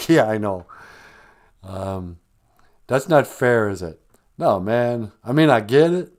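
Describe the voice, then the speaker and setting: A man doing a gruff, defensive woman who keeps insisting she is a woman, in loose street slang. The voice swings widely up and down in pitch, and it plays as a live-stream comic impression. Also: expressive, takes it slowly, darkish tone.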